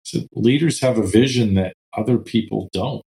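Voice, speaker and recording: A man with a fairly low voice talks as a guest about the franchise business. He explains things earnestly and uses fillers often. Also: normal speed, gravelly, dark tone, poor audio. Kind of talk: casual interview talk.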